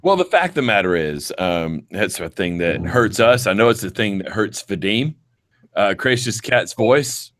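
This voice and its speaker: A man's voice: lowish voice, lively intonation, moderate pace, fairly bright tone. A man with a Georgia accent hosting a casual panel chat, blunt and profane, with frequent ums. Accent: Georgia, US South. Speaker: podcast host.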